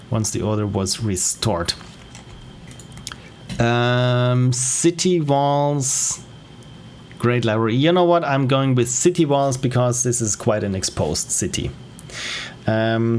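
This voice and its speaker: A man's voice: medium pitch, a little mellow, slight background noise. A man with a German accent giving casual, think-aloud commentary as he plays a strategy game on stream. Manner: thinking aloud, with frequent fillers and self-corrections.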